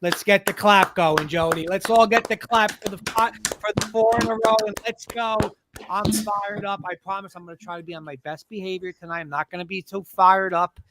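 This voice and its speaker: A hyped man guesting on a fan sports stream, bursting with energy and rallying the panel to cheer along. His voice sits notably high for a man and is full of excitement. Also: a little fast, very noisy. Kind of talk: casual live-stream sports chat.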